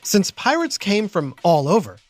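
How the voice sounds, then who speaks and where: A man's voice: sits high, big pitch swings, normal speed. A man hosting and narrating a children's educational podcast in a playful, theatrical way. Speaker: host and narrator. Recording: music playing under the voice.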